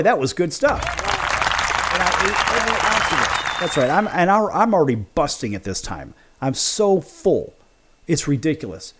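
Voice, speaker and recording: A man's voice: on the high side, a bit bright, breathy edge. A male sports show host telling a casual story, acting out both sides of each conversation.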